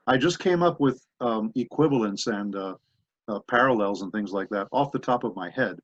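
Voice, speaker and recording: Animated and moderately paced, a man with a fairly low voice guests in an interview as a voice actor, wandering through anecdotes with plenty of side comments. The recording is dry, dull, and lo-fi.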